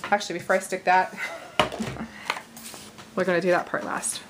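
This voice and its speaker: A woman in her forties hosting a casual card-making tutorial, chatty and quick to laugh as she talks through her work. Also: fairly low pitch, level tone, noisy background. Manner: chatty, laughs easily, thinks aloud while working. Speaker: craft video host.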